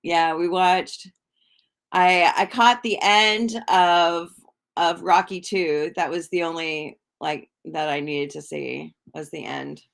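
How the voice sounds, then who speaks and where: A woman's voice: lowish voice, fairly even intonation, slow pace, gravelly, fairly bright tone. A woman hosting a casual livestream, rambling chattily and greeting viewers in the chat. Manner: rambling and chatty, full of fillers. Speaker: livestream host and tarot reader. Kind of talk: casual live-stream chat.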